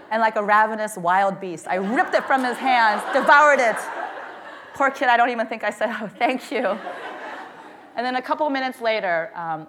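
A woman telling a funny personal story to a live audience, lively and self-mocking, checking in with "okay?" and "right?". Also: lowish voice, a little hiss or hum.

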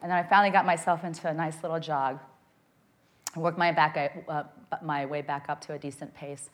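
Speaking a little fast with a voice that sits low, a woman entertains a live audience with a funny story about herself. She's animated and pokes fun at herself, often asking "okay?" and "right?"

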